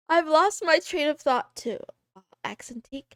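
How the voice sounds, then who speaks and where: Twenty-something girl streaming, rambly and giggly, high voice, super dry close sound. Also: no room sound. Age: 20s. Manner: rambling, giggly, self-deprecating. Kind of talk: casual livestream chat.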